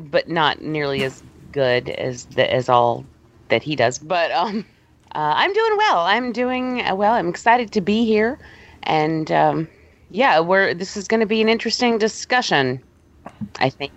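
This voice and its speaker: A woman co-hosting a podcast, lively and teasing in casual chat, heard over dull lo-fi call audio with faint noise. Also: sits low, measured pace. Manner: lively, teasing, laughs often. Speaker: podcast co-host.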